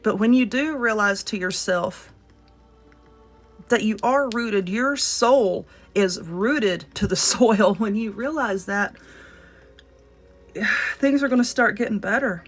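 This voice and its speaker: A woman's voice: medium pitch, takes it slowly, long pauses, faint music behind. A woman with a Southern US accent giving a casual spoken card reading, talking earnestly and directly to the viewer. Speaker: tarot reader.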